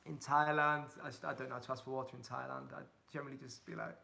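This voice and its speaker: A man's voice: mid-range voice, level tone, quick pace, creaky, sharp tone. A young man with a Hull accent from Yorkshire, chatting casually on a livestream, reading out viewer questions and giving upbeat, encouraging advice. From England. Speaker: touring cyclist answering live chat.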